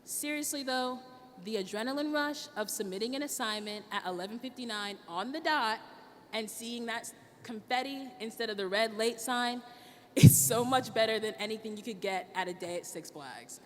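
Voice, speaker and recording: A woman's voice: fairly high pitch, normal speed. A young woman student giving a heartfelt graduation speech to her class. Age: young adult. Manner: earnest, heartfelt, emotional. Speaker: student speaker. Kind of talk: commencement speech. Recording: distant mic, long hall reverb, faint noise.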